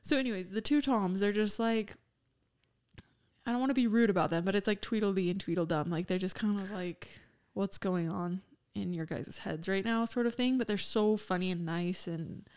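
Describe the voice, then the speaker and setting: A young woman with a mid-range, darkish voice speaks at a moderate pace. Co-hosting a podcast, she chats casually and tells stories, giggling often and saying "like" a lot.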